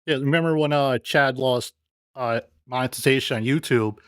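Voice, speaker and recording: A man's voice: medium pitch, moderate pace, fairly bright tone, smooth, dry recording, clean studio sound. A man hosting a show, commenting casually on played clips in a hesitant, laid-back way with many fillers. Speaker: show host reviewing clips.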